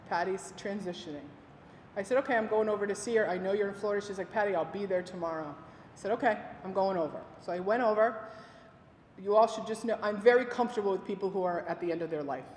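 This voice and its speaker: A woman giving a dementia care talk, telling animated stories and quoting the people she works with. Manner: animated storytelling, quoting residents. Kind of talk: storytelling presentation. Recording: echoey hall with faint rumble.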